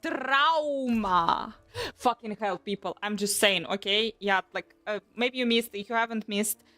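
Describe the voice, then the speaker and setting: A young woman chatting casually on a live stream, animated and swearing often as she restarts her sentences. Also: medium pitch, a little slow, no echo. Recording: faint background music.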